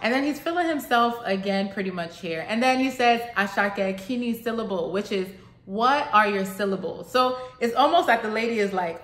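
A woman's voice: medium pitch, animated, normal speed, a bit bright, roomy sound, faint music behind. A woman casually explaining song lyrics to her channel's viewers, chatty and thinking aloud as she goes.

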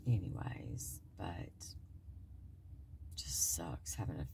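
A woman's voice: very deep voice, animated, takes it slowly, creaky, whispered. A woman chatting and joking to viewers in a casual vlog, filmed on a phone in and around her car. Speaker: vlogger. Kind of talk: casual chat to camera. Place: in and around a car, going into a store.

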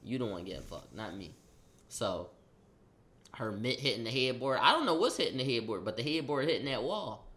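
Animated young man telling a story. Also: medium pitch, brisk. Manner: animated, slangy, acts out quotes loudly. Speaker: vlogger. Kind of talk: casual storytelling.

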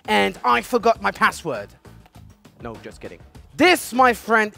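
A man hosting a playful studio video series, joking and quipping as he presents. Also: sits high. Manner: jokey, animated, sings snippets. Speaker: host.

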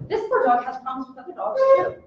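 Lively woman trainer in an echoey room. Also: high voice, fast, music in the background. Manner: lively, acts out voices of dogs and people. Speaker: dog trainer. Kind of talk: lecture to a live audience. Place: presentation room with audience. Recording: echoey room, mic from far off, dull sound.

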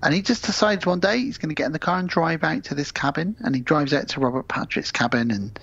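A man's voice: fairly high pitch, quick pace, gravelly, a bit bright, no room sound, lo-fi sound. A man, rambling casually and swearing now and then as he recaps a film on a podcast. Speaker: podcast co-host.

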